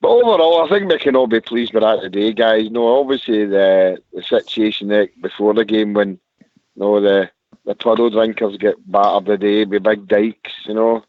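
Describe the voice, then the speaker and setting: A man's voice: lowish voice, moderate pace, dry recording. A man with a Scottish accent calling in to a radio phone-in from a parked car, gushing about the match with lots of superlatives. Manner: enthusiastic, repeats superlatives. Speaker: caller. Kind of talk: casual phone-in chat. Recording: muffled phone line.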